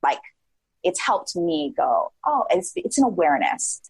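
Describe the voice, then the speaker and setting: A woman in her forties talks as a podcast guest in a relaxed, animated way, full of "like" fillers and quick re-enactments of her own thoughts. Her voice sits on the low side with a husky, breathy edge. The recording is dry, with no room sound. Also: no room sound, rough recording. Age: 40s. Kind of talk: casual interview chat.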